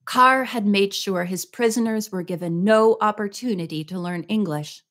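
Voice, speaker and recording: A woman reads a mystery novel aloud at a steady, even pace. She narrates plainly in a mid-range voice and stays in the telling. Now and then she steps out of the book with a soft, chatty comment. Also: medium pitch, moderate pace. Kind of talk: reading a book aloud with casual asides.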